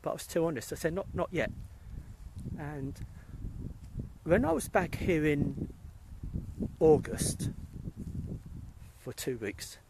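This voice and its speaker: A middle-aged British man rambles cheerfully into a handheld phone while strolling outdoors. His voice sits a little high for a man, and he drifts from anecdote to anecdote, calling out viewers by name. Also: sing-song, slow, gravelly, pauses often, background noise. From England. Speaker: spiritualist medium vlogger. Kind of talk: casual live-stream chat. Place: outdoors in a cemetery. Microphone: phone held while walking.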